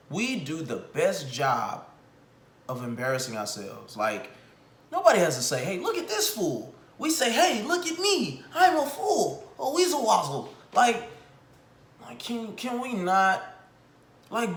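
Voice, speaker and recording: Exasperated ranting man, echoey room. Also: fairly high pitch. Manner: animated, exasperated, mocking. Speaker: commentary vlogger. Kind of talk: casual ranting commentary.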